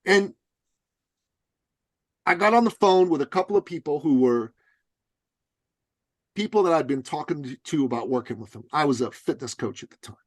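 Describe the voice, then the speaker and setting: A man's voice: medium pitch, fairly quick, darkish tone, breathy edge, no room sound. A man telling a story as a podcast guest, blunt and emphatic, swearing casually. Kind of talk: animated storytelling.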